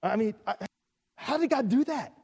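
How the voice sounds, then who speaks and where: A man's voice: very high voice, expressive, normal speed, darkish tone, slightly rough, big-room sound. An older man preaching a storytelling sermon, often stammering and restarting. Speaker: pastor.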